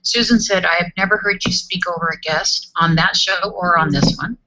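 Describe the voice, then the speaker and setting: A woman's voice: on the low side, moderate pace, sharp tone, slight background noise. A woman co-hosting a call-in show, helpfully reading listener messages aloud. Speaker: co-host reading chat messages. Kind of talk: casual call-in show chat. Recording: dull lo-fi web broadcast.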